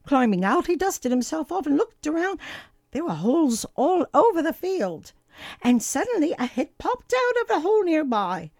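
An older woman from Canada reads a children's storybook aloud, her voice swooping high and low in an animated, expressive way. She sits a touch high for a woman, and the sound is dry and close. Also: dry recording.

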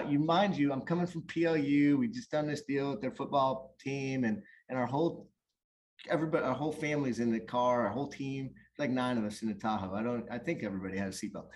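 A man talking in a casual podcast chat, telling a long story about volunteer youth coaching in an animated, rambling way with frequent restarts. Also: medium pitch, slight background noise. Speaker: guest or co-host, youth soccer coach.

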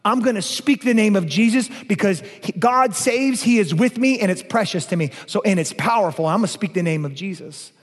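A male pastor preaching a sermon, emphatic, asking rhetorical questions and swinging between loud declarations and hushed lines. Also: sits high, animated, fairly quick, few pauses. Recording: long reverb of a large hall.

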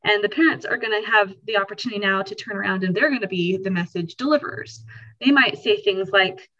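A woman podcast host talks through her points at a medium pitch, slipping into little acted-out voices to show how people feel. Her voice comes through a dull, lo-fi recording. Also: fairly quick. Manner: animated, acts out quoted feelings. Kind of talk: explaining a topic conversationally.

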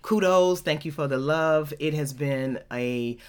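A woman's voice: low voice, a little slow, clear, resonant tone. A woman from Georgia, hosting her own podcast and talking casually and emphatically, often laughing. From Georgia, USA. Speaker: podcast host.

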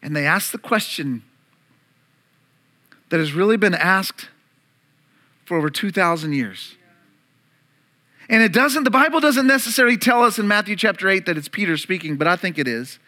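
High, bright-voiced animated man preaching. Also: normal speed, long pauses. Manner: animated preaching, acts out disciples' panic and Jesus' calm. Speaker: pastor. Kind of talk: sermon. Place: church room.

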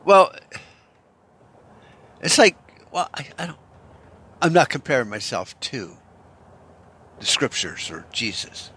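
A man rants off the cuff in a bright, forceful voice, swearing freely and doubling back on his words. His delivery is sarcastic and rambling, at an everyday pitch. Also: sing-song, slow, long pauses, breathy edge. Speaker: commentator. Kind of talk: unscripted ranting commentary.

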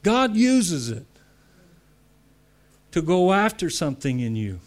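An American man preaching to church leaders in a fairly high voice. He talks in a conversational way, repeats phrases for emphasis, and rises to loud, emphatic declarations. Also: very animated, slow. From United States. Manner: repetitive, conversational asides.

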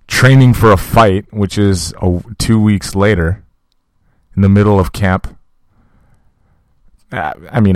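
A man's voice: lowish voice, no echo. A man, a fight coach, telling a story in a casual, profane, conversational monologue aimed at his listeners. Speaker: podcast host and fight coach.

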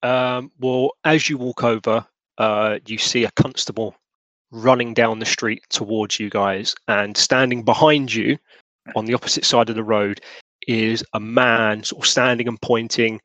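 A man running a tabletop role-playing game, narrating scenes in a relaxed, descriptive way. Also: medium pitch, unhurried, no echo. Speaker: game master.

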